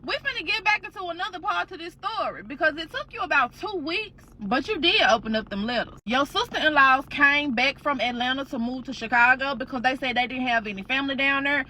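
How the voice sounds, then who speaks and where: A woman spins a dramatic story with slang, swearing and lively energy. Her voice sits high and sounds sharp and bright. The delivery is loose and chatty. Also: fairly quick, hardly any pauses, slight background noise. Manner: slangy, animated, profane. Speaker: storytime host. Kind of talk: casual storytelling.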